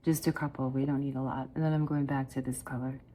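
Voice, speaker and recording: A middle-aged woman chatting warmly through a step-by-step watercolor painting lesson, often calling her viewers "guys". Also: rumbling low, little pitch movement, fast talker, slight background noise. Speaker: watercolor art teacher.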